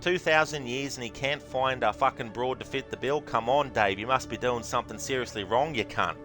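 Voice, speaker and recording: A man's voice: mid-range voice, a little fast, pushed and bright, soft background music, pitched above the performer's own voice, natural voice. A man playing a brash, swaggering male hero in an exaggerated Australian accent, swearing crudely. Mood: mocking.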